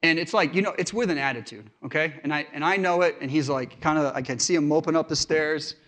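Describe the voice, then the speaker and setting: A male pastor preaching in a slightly high-pitched voice. He speaks conversationally and earnestly, weaving stories from home life into his sermon. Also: quick pace, fairly bright tone. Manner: conversational storytelling from family life.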